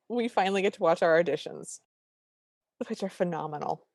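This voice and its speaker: Woman, podcast co-host, low voice, easygoing recap, dry recording. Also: fairly quick, creaky, darkish tone, no room sound. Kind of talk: casual chat recapping a film.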